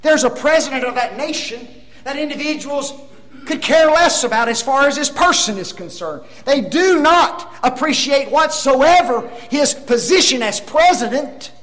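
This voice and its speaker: A man preaching a sermon, emphatic, with rhetorical tag questions and dramatic swings between loud declarations and hushed asides. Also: very high-pitched, expressive, moderate pace. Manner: addresses the congregation as folks.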